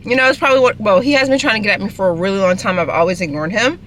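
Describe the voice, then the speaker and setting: A woman's voice: medium pitch, very fast, few pauses, fairly bright tone, a little hiss or hum. A young woman, chatting casually in a car while eating, rambling and talking with her mouth full. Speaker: vlogger. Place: inside a parked car.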